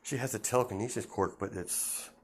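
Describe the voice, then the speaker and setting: A man voicing a calm male doctor who speaks formally, with hesitant fillers. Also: fairly low pitch, a little fast, close to an everyday voice.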